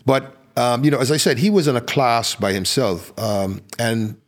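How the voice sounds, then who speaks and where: A man's voice: mid-range voice, moderate pace. An older man from the Bahamas with a Bahamian accent, telling anecdotes as a podcast guest, full of fillers and restarts. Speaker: guest, former politician. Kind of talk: podcast interview storytelling.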